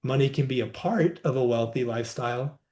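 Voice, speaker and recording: A man as a podcast guest, calmly explaining a wellness practice in a reflective, conversational way, seated indoors. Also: mid-range voice. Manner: reflective, unhurried, says "like" often. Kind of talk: conversational interview, teaching.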